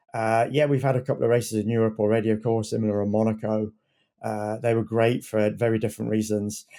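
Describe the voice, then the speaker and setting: A man's voice: fairly low pitch, mellow. A man who is a lead editor and podcast regular, chatting casually and rambling a little with repeated words.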